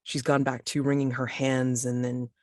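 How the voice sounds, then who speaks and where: A woman running a tabletop game as game master, narrating slowly and hesitantly, with many restarts. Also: extremely low pitch, flat delivery, darkish tone, no echo, clean studio sound.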